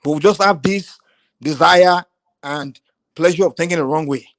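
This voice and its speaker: A Nigerian man giving passionate political commentary on a live talk stream. He is animated, often restarts, and mixes in Pidgin phrases. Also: a little high, normal speed, no echo. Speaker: panel participant.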